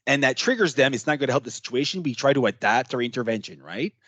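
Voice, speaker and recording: Talking at a quick pace in a mid-range voice, this trainer keeps his workshop chat casual and animated. He performs quotes from clients, and the recording is close and dry.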